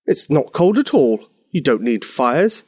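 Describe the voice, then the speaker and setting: A man's voice: on the high side, very animated, a little slow, a little mellow, breathy edge, no room sound, studio quality, full character voice. A man voicing a grumpy, bossy king in a children's storybook, huffy and commanding.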